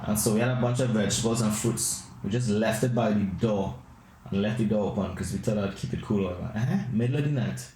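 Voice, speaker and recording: A man hosting a podcast who tells rambling, animated comic anecdotes. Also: lowish voice, fast, slight background noise. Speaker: podcast host. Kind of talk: comedic storytelling. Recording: roomy echo.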